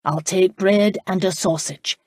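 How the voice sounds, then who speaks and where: Woman voicing a loud, surly Scottish brute. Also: lowish voice, fairly even intonation, unhurried, no room sound, clean studio sound. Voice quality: rolling brogue. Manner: belligerent, blunt, loud. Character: surly brawling Scottish man, duke's lost brother. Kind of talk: audiobook character voice.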